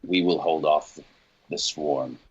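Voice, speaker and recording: A stern warrior, played by a man in a tabletop game, gives orders in a very deep, husky voice, halting over his words. The call audio sounds dull and lo-fi. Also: fairly even intonation, exaggerated voice. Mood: urgent. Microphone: online voice call.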